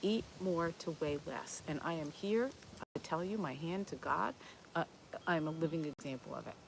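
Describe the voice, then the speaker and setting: A woman's voice: low-pitched, normal speed, vocal fry, noisy background. A woman in her fifties hosting a live Q&A stream, chatting in a rambling way with lots of fillers and restarts as she answers viewer comments. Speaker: host of a plant-based cooking channel.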